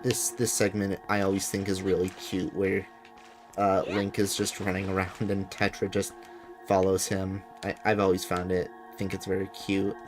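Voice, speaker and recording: A man with a deep voice and a Midwestern accent, casually commenting while streaming a game, hesitant with many fillers. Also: completely flat delivery, moderate pace, soft background music. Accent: Midwestern American. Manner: hesitant, filler-heavy, self-deprecating.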